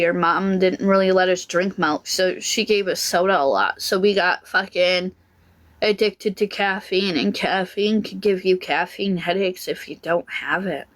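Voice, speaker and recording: A woman's voice: mid-range voice, a bit bright. A woman ranting casually to camera in a rambling, aggrieved way, swearing freely. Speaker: vlogger.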